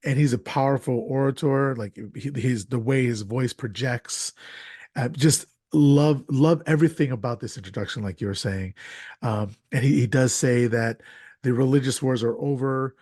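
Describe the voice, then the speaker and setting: A podcast host talking about a film in a casual, animated way, with many restarts and wry asides. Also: male voice, mid-range voice, moderate pace, dry recording, clean studio sound.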